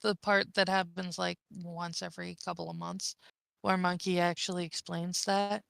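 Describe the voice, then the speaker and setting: Gravelly-voiced teasing woman. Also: lowish voice, flat delivery, moderate pace, a bit bright, dry recording. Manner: giggly, teasing. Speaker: podcast co-host. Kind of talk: casual voice-chat banter.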